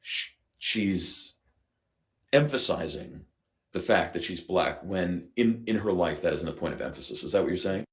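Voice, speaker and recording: A man with a very deep, low voice, talking in a recorded conversation. He repeats words and restarts as he works out how to phrase his point. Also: expressive, normal speed. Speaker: participant in a recorded discussion. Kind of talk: conversational discussion.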